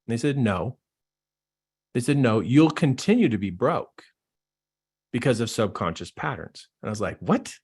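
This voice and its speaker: A man coaching on self-help, telling his own story in a casual, animated way and acting out his astonished reactions. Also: mid-range voice, moderate pace, long pauses, slightly rough. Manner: casual, says "like" and "man" often. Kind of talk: personal storytelling to camera.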